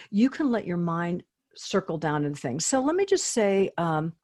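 An older woman, a fitness expert, speaking as a guest in an interview in a lively, earnest, motivational way. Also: mid-range voice, normal speed. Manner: lively, acts out quoted inner voices. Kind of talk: conversational interview.

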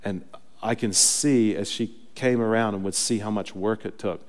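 A man's voice: lowish voice, fairly even intonation, moderate pace. A young adult male pastor preaching a sermon, telling stories casually and then building to emphatic preaching. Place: church sanctuary. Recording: long reverb of a church hall.

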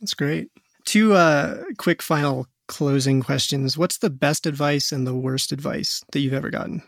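A man's voice: fairly high pitch, normal speed, vocal fry, fairly bright tone, no room sound, studio quality. A man hosting a podcast interview, giving short affirmations and an upbeat sign-off. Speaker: podcast host. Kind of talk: casual interview.

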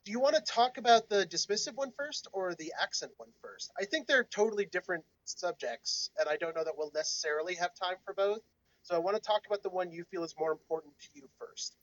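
A high-pitched man co-hosting a podcast conversation, laying out his views in a patient, lecturing way. His voice sits well up in its range, and the recording is dry and close, with no room sound. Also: animated, brisk, fairly bright tone, no room sound, poor audio. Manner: explanatory, lecturing tone. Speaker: podcast co-host. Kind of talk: casual discussion.

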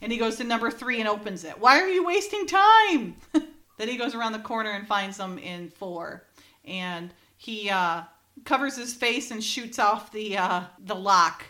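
A woman's voice: medium pitch, fairly even intonation, normal speed, pushed and bright. A woman co-hosting a casual podcast, recapping an episode, reading script lines aloud and laughing often. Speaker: podcast co-host.

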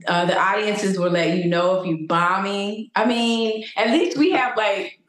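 A woman's voice: mid-range voice, fairly even intonation, a little slow. Thoughtful woman guest in an echoey room. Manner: thoughtful, hesitant, uses many fillers. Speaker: actress, podcast guest. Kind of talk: interview conversation.

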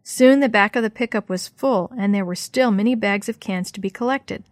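A woman's voice: medium pitch, normal speed, no echo. Woman reading a children's book, dry close sound. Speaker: narrator. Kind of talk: children's book read aloud.

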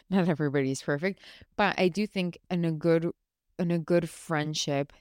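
A woman's voice: deep voice, moderate pace, darkish tone, clear, resonant tone, no room sound, studio quality. A young woman hosting a podcast, talking casually and from the heart, rambling with lots of "like" and restarts. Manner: rambling, heartfelt, many fillers. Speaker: podcast host. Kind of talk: casual solo chat.

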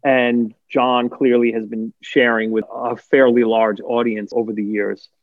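A man's voice: medium pitch, flat delivery, a little slow, dry recording, phone-quality sound. A man co-hosting a podcast, prompting his partner for stories in a casual conversational way. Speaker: podcast co-host.

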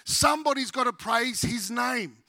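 A middle-aged Australian man, a pastor preaching a sermon with humorous, animated storytelling. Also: very high-pitched, moderate pace, no echo.

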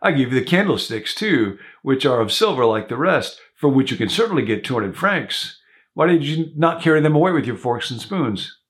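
A man's voice: mid-range voice, very animated, moderate pace, voice pushed up. A man voicing a kindly, generous old bishop while reading a story aloud in a sermon. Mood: gentle. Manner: warm, solemn storytelling read-aloud.

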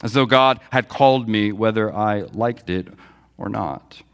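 A man's voice: fairly low pitch, measured pace, smooth. A man pastor preaching a sermon, telling a personal story and a Bible story, quoting dialogue with feeling. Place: church sanctuary.

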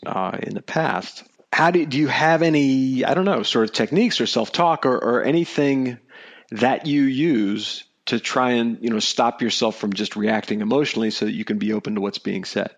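A man's voice: mid-range voice, normal speed, lo-fi sound. A man hosting a podcast conversation. He speaks thoughtfully, takes his time, and laughs often. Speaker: podcast host. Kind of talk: conversational interview.

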